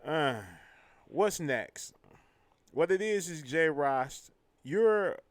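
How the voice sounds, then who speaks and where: A man's voice: on the high side, expressive, very slow, long pauses, no echo. A man hosting a live talk show, brash and profane, trash-talking and boasting. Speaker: host.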